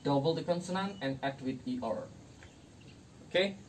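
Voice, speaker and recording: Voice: mid-range voice, normal speed. A young student teacher from Indonesia explaining an English grammar lesson, repeating each example word and using non-native grammar. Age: young adult. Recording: distant mic, faint noise.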